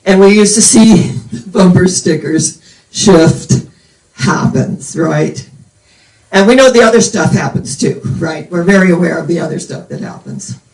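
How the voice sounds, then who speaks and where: A woman's voice: fairly low pitch, unhurried, creaky, darkish tone. Older woman preacher, distant roomy sound. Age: 70s. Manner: meandering storytelling. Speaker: minister. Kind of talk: sermon.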